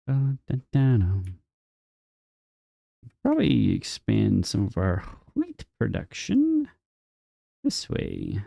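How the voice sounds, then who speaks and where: Chatty gravelly-voiced male game streamer. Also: mid-range voice, mellow, no room sound, highs cut off. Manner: chatty, jokey, talks to chat viewers by name. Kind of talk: casual live-stream chat while playing.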